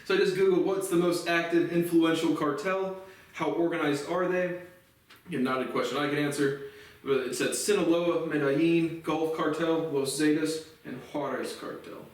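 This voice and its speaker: A man's voice: on the high side, steady tone, normal speed. A man giving a profane, aggrieved solo monologue full of restarts and repeated words. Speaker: host of a solo commentary series. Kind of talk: casual rambling monologue. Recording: very echoey room, voice from a distance off the mic.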